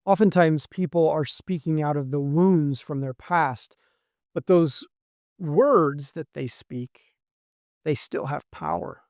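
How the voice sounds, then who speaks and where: A man preaching a sermon as pastor, in a slow, measured delivery with frequent pauses. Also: fairly high pitch, a little mellow, dry recording, studio quality.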